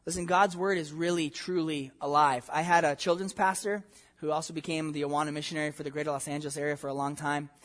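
A man's voice: a little high, little pitch movement, fast talker, a bit bright. A man preaching a sermon as pastor, earnest and emphatic, posing rhetorical questions to his congregation.

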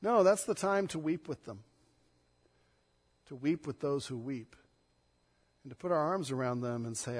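A man, a pastor, preaching a sermon, swinging between loud emphatic stress and soft, hushed passages. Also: mid-range voice, animated, a little slow, pauses often, breathy edge, in a large hall.

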